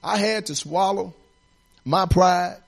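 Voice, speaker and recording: A middle-aged man, an assistant pastor preaching a sermon that rises into declarations and drops to quiet storytelling. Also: sits high, slow, gravelly.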